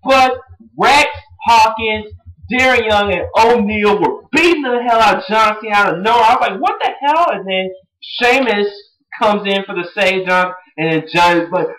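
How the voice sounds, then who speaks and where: Young male reviewer, rambling and excitable, slightly high voice, echoey room. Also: normal speed. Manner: rambling, excitable, laughs and mimics quotes. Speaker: wrestling show reviewer. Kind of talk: casual recap monologue.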